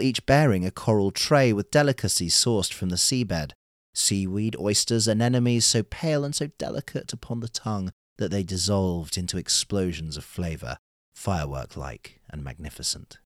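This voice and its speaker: A man narrating a folktale in a measured, unhurried storytelling manner. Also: fairly low pitch, no room sound, studio quality.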